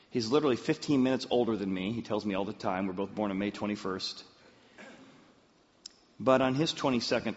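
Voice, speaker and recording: A man preaching a sermon, telling a personal story in an animated way. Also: medium pitch. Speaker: pastor. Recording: muffled sound in a reverberant hall.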